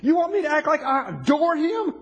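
A man's voice: very high-pitched, sing-song, fairly quick, highs cut off, faint music behind, pitched above the performer's own voice, full character voice. A man voicing a stubborn churchgoer who refuses to show open worship, mocking and indignant in tone.

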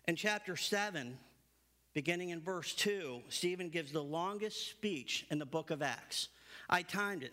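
A man preaching a sermon, reading scripture aloud and then stressing his points with building emphasis. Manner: emphatic, builds to animated high-pitched stresses; reads scripture aloud between remarks.

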